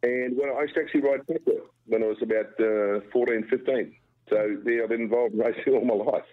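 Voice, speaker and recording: A man's voice: medium pitch, steady tone, fairly quick. A middle-aged Australian man, a guest broadcaster, telling jokey, self-deprecating stories in casual radio chat. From Brisbane, Australia. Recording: tinny phone line.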